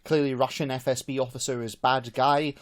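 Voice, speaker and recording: A man's voice: mid-range voice, level tone, brisk. A man hosting a podcast, recapping a film plot in casual chat with many fillers. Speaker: podcast host.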